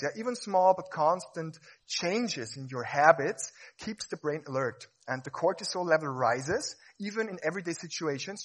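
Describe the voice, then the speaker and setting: A man giving a lively, playful stage talk, acting out examples as he explains. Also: on the high side. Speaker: speaker.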